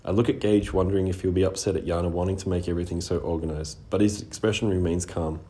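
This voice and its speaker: Man reading an audiobook, real low voice, mellow and dark. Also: fairly even intonation, quick pace. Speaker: audiobook narrator. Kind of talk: scripted first-person narration.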